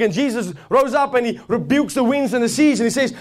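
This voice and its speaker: Guy preaching a sermon, high voice, fired up and repeating himself. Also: fast talker, hardly any pauses. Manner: fervent, rising and swelling as he preaches, with repeated phrases.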